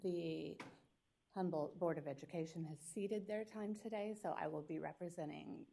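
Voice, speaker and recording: A woman attorney speaking for a school district, giving a formal legal argument at a public hearing in a quick, pointed, argumentative way. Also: low voice, gravelly, mellow, slight background noise. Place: public meeting hearing room.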